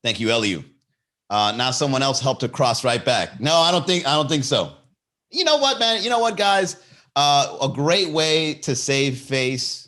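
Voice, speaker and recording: A man hosting a comedy podcast, telling a story in a loose monologue and jumping into high voices for the people in it. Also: moderate pace. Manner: animated, jumps into high-pitched impressions of people in his stories.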